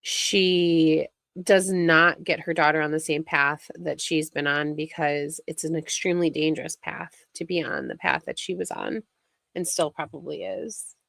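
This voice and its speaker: A woman's voice: low voice, expressive, measured pace, creaky, fairly bright tone, dry recording, clean studio sound. Exasperated woman ranting over clips. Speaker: reaction commentator. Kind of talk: casual ranting commentary.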